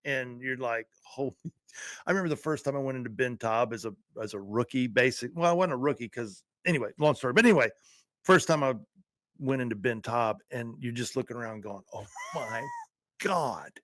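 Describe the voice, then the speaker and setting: A man's voice: mid-range voice, brisk, fairly bright tone, dry recording, studio quality. Laid-back middle-aged man telling stories. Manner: laid-back storyteller, laughs easily. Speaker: co-host, former patrol officer. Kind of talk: casual podcast chat.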